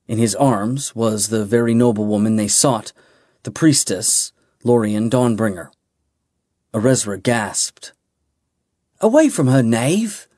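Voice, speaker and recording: A man reading a fantasy audiobook in a measured, dramatic way. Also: mid-range voice, dark tone, dry recording, studio quality. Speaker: audiobook narrator. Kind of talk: scripted fantasy narration.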